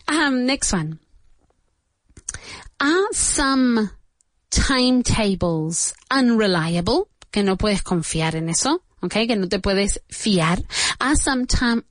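Woman English teacher, 40s, slow and deliberate, dry close sound, drills each phrase twice. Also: mid-range voice, no echo. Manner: repeats each answer slowly, switches to Spanish to explain. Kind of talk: beginner English lesson.

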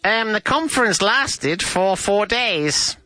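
A man reading out example sentences for a grammar lesson, each one slowly after a short filler. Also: high-pitched, animated, pushed and bright, no echo, faint music behind.

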